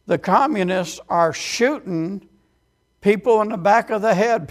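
Man, pulpit storyteller, high and gravelly, amen-heavy sermon delivery. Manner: storytelling with frequent amens, acting out quoted voices. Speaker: preacher. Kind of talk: sermon testimony.

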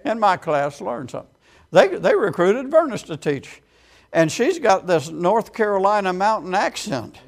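Man, pulpit storyteller, high and gravelly, amen-heavy sermon delivery. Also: sing-song, moderate pace. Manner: storytelling with frequent amens, acting out quoted voices. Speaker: preacher. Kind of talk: sermon testimony.

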